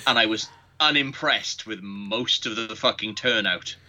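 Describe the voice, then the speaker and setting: A man in casual chat, cursing freely and slipping into mocking voices as he tells stories. His tone is strikingly bright and cutting. The recording is dull and lo-fi. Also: on the low side, measured pace. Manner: sweary, sarcastic, acts out mocking quotes.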